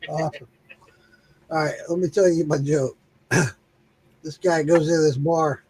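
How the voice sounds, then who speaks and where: A man's voice: on the high side, steady tone, normal speed, darkish tone, husky, poor audio. A man co-hosting a casual livestream chat, joking and teasing and laughing often.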